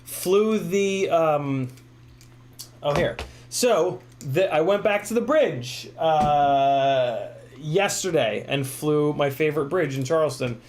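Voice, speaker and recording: A man hosting a casual live stream, rambling with many fillers, reading chat messages aloud, a bit hoarse from talking. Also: on the high side, expressive, slow pace, a little mellow, slight background noise. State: losing his voice. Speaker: livestream host.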